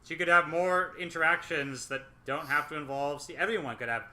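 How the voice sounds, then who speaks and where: A man co-hosting a casual review chat, agreeable and measured, often chiming in with agreement. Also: fairly high pitch, bright, forceful tone. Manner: agreeable, measured, chimes in with yeahs. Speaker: podcast co-host reviewer.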